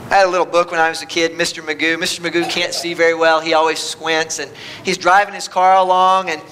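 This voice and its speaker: A man preaches with a bright, forceful tone and a notably high voice. He reads scripture aloud and speaks God's lines in the first person, building emphasis in his delivery. His style is pulpit preaching throughout. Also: flat delivery, quick pace, a little hiss or hum. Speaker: pastor. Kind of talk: sermon.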